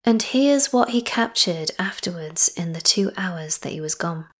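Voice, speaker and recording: A woman hosting a podcast, chatty and enthusiastic, sometimes dropping to a soft whisper. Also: fairly low pitch, lively intonation, measured pace, very noisy. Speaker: podcast host. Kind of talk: casual podcast narration.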